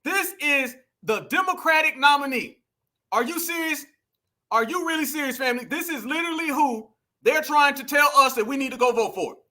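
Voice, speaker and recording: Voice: high-pitched, normal speed, sharp tone. A host giving heated, exclamatory commentary and calling the viewers family and y'all.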